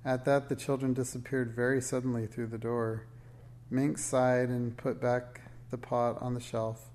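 A man reading a children's storybook aloud in a steady, gentle storytelling manner. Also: mid-range voice, measured pace. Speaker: reader. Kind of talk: storybook read-aloud narration.

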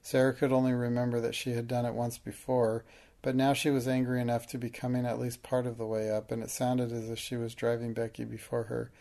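A man narrating an audiobook in a steady, measured reading. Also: mid-range voice, creaky.

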